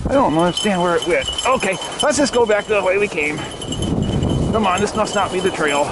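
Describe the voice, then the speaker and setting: A high-pitched man calls out to his dogs as he rides through snowy woods. He keeps coaxing them with short, repeated commands. Steady wind noise runs under his voice. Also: normal speed, pauses often. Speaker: vlogger biking with his dogs. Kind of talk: casual talk to his dogs while riding. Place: outdoors in snowy woodland.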